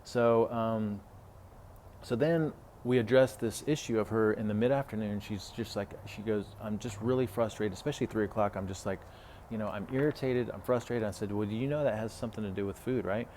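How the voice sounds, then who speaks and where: A man's voice: fairly low pitch, a little fast, a little mellow, slight background noise. A man talking casually as a health coach, retelling a client conversation with lots of fillers and asides. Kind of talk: casual podcast talk.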